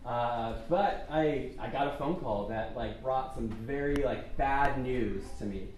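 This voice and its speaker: A man's voice: mid-range voice, a little slow, a little mellow. A man, a pastor, giving an informal, chatty and self-deprecating sermon to his congregation. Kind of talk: conversational sermon. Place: church hall. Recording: echoey hall from far off, faint noise.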